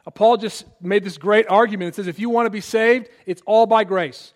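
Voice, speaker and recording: High-voiced earnest man preaching. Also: steady tone, fairly quick. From Illinois, USA. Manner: earnest, emphatic preaching with repeated words. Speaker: pastor. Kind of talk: sermon.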